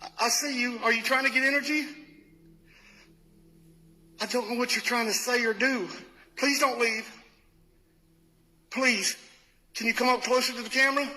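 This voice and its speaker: Man, ghost hunter, bright pleading voice, echoey abandoned hall. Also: high voice, normal speed, long pauses. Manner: breathless, pleading, excitable. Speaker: ghost hunter filming alone. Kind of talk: live paranormal investigation. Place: abandoned building, indoors.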